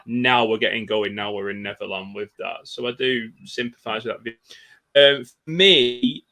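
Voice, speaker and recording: A man's voice: medium pitch, a bit bright. A man in his thirties, talking enthusiastically and nostalgically in a casual podcast discussion. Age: 30s. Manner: enthusiastic, nostalgic, with many restarts. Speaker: podcast guest.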